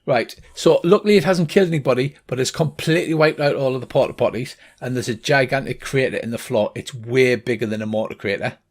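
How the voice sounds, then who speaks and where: A middle-aged man runs a tabletop game, describing the scene in a mid-range voice. He pauses often, filling gaps with ums and uhs. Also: mid-range voice. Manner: halting, full of ums and uhs. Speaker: game master.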